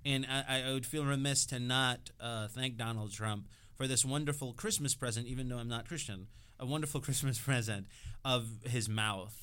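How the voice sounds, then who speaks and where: A man guesting on a radio show to promote his comedy night, chatting casually with halting restarts. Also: mid-range voice, fairly bright tone, smooth. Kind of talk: casual radio interview banter.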